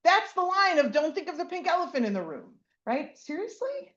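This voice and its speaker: Animated woman teaching a Bible class. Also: very high-pitched, normal speed, lo-fi sound. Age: adult parent with young kids. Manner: animated, keeps asking "right?", acts out quotes. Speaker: Torah teacher. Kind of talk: lively Bible class lecture.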